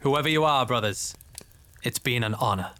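A man playing a lieutenant, male, solemn, formal, measured, audio drama. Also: medium pitch, fairly bright tone, close to an everyday voice.

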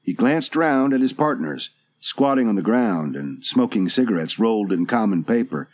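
Steady male audiobook narrator. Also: lowish voice, moderate pace.

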